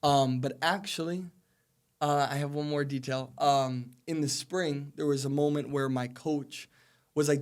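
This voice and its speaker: A man's voice: a little high, fairly even intonation, unhurried, clean tone. A man in his twenties, a podcast guest, telling long earnest stories about his soccer career in a rambling conversational way. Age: 20s. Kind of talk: casual interview storytelling.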